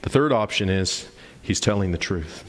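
A man's voice: sits low, expressive, moderate pace, big-room sound. A man in his forties preaching a sermon, emphatic and explanatory, posing rhetorical questions to the congregation. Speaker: pastor.

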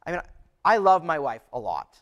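A man's voice: a little high, big pitch swings, moderate pace, fairly bright tone. A pastor preaching a sermon to his church, earnest and conversational, often restarting his phrases.

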